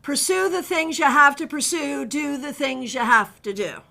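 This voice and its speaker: A woman with a high, bright voice reads tarot cards on a live stream. She talks in a chatty, direct way, greets viewers one by one and gives blunt advice. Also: expressive, moderate pace, vocal fry. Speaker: tarot reader. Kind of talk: live-stream card readings.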